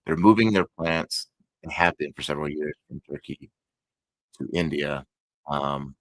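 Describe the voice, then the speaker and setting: A man's voice: rumbling low, creaky, a bit bright, no echo, rough recording. A man with a Texan accent hosting a crochet channel, chatting casually and rambling, often correcting himself mid-sentence. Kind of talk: casual chat to viewers.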